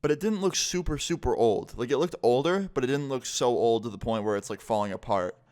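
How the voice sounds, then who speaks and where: A man's voice: mid-range voice, expressive, darkish tone. A young man telling a story on his vlog in a casual, rambling way, full of fillers. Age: young adult. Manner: casual, fast-flowing storytelling with many fillers. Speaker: vlogger.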